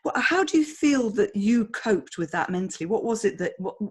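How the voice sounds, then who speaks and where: A woman's voice: mid-range voice, expressive, moderate pace, husky. A British woman hosting an interview podcast, openly emotional and effusive as she asks her questions. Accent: British English. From Britain. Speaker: podcast host. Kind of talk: conversational interview.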